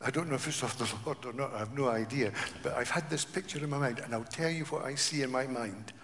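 A man preaching a sermon in a church, asking rhetorical questions and swinging from hushed tones to loud declarations. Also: mid-range voice, quick pace, slight background noise. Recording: reverberant church hall.

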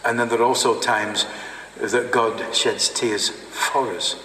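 Male preacher, unhurried and halting, distant mic, long hall reverb. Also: mid-range voice, fairly even intonation, sharp tone, slight background noise. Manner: halting, with fillers and repeated words. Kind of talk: sermon. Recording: echoey hall from far off.

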